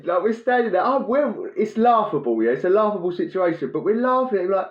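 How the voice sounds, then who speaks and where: A man telling a prison story in a casual, animated way, laughing and acting out the scene with sound effects. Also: high-pitched, quick pace. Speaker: podcast host telling prison stories. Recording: roomy, dull lo-fi sound.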